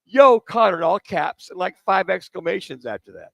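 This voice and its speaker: A man's voice: high-pitched, sing-song, fairly quick, vocal fry, fairly bright tone, dry recording, rough recording. A man hosting a sports radio show from a remote broadcast, chatting and tossing rambling questions to his co-hosts. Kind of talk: casual radio chat. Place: remote broadcast at a car dealership.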